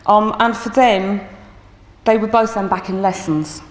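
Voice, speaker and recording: A woman teacher telling a story from her school to an audience, lively and acting out her own thoughts. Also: medium pitch, measured pace. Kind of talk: storytelling talk. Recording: echoey hall with long reverb.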